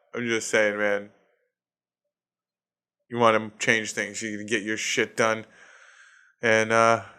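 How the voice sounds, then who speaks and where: A man's voice: on the low side, bright, forceful tone, clean tone. A man in his thirties with a Boston accent, hosting his own comedy podcast in a profane, ranting solo monologue and laughing at his own jokes. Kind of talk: casual solo podcast rant.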